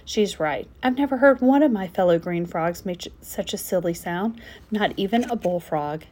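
A woman reads a children's storybook aloud, telling it in the first person as a frog. Her storytelling is gentle and expressive, delivered in a mid-range voice at a moderate pace.

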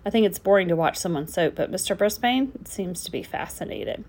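A woman narrating a children's storybook aloud in the first person of a frog, with gentle, expressive storytelling. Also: lowish voice, brisk, slight background noise.

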